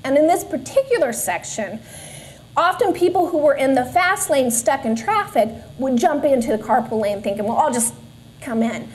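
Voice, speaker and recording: Female, 40s, high pitch; earnest personal testimony at Sunday school, faint background noise. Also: lively intonation, normal speed. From Southern California. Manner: earnest storytelling with self-deprecating asides. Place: church classroom.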